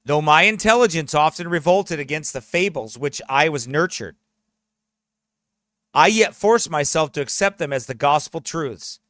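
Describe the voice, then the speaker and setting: A man's voice: a little high, expressive, moderate pace, a bit bright, no echo. A man who is a pastor, preaching a sermon in an earnest, emphatic way and reading aloud from a memoir.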